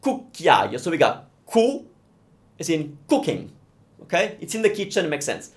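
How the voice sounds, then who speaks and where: Animated Italian man teaching pronunciation. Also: fairly high pitch. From Italy. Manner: animated, drawn-out demonstrations of sounds. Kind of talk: live-streamed pronunciation lesson.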